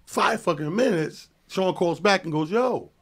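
A male comedian telling a story on a podcast in an animated, profane way, acting out the dialogue. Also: sits high, normal speed. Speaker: comedian guest.

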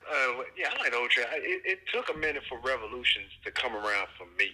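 Bright husky man on a phone line. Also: medium pitch, lively intonation, fast talker. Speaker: podcast co-host. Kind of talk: casual chat.

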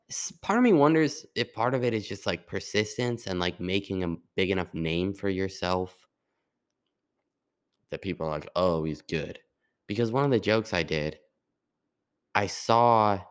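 A man's voice: low-pitched, smooth. A young man talking in a casual, rambling monologue, full of restarts and fillers. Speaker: podcast host.

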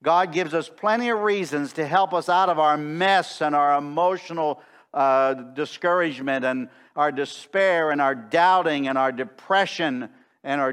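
A middle-aged man preaching a sermon in a church, emphatic and slowing down to stress key phrases. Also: on the high side, fairly bright tone, clear, resonant tone. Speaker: pastor. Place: church sanctuary.

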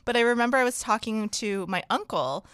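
A woman's voice: on the high side, lively intonation, fairly quick, fairly bright tone, smooth. A young woman in casual chat, teasing and laughing often.

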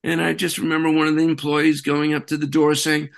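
Gravelly-voiced man telling a story. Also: fairly high pitch, a little fast. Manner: animated, rambling storytelling. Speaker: interview guest, peace activist. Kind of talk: conversational interview.

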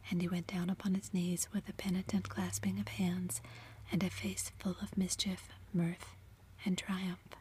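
Woman whispering a story, flat and even. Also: fairly low pitch, husky. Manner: unvoiced whisper, measured. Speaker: reader. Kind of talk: whispered role-play.

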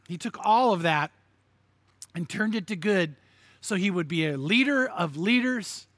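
A man's voice: high-pitched, bright, forceful tone, dry recording. A middle-aged man preaching a sermon, telling stories and repeating lines for emphasis. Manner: storytelling with quoted voices and emphatic repetition. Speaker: pastor.

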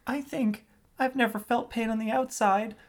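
A man voicing a sad, lonely little boy in a quiet, wistful, high voice. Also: steady tone, moderate pace. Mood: aching.

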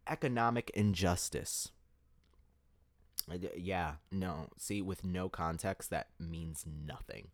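A man's voice: sits low, slow, no room sound. A man hosting an opinion podcast, talking emphatically and tossing out rhetorical "right?" questions. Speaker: podcast host. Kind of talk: opinion commentary monologue.

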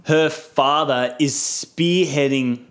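A man's voice: fairly high pitch, slow, a bit bright. A young man chatting casually on a podcast, hedging and stumbling a bit. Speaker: podcast co-host. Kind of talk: casual chat.

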